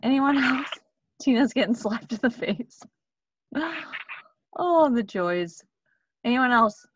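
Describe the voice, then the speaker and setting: A woman's voice: fairly high pitch, lively intonation, slow pace, breathy edge, no room sound, highs cut off. A woman leading a casual sales team meeting on a video call, upbeat and enthusiastic as she cheers people on.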